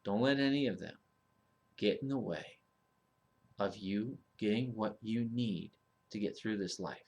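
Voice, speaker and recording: A man's voice: on the low side, unhurried, darkish tone. A man giving a casual ranting monologue as a vlogger. He talks bluntly, swears, and rambles with fillers and restarts.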